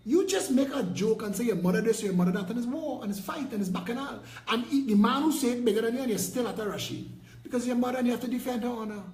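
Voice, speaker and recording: A Trinidadian man with a high voice delivers a fiery political rant, preachy and mocking by turns. He sounds like he's in an echoey room. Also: quick pace, a little mellow. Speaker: political party leader. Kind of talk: impassioned video rant.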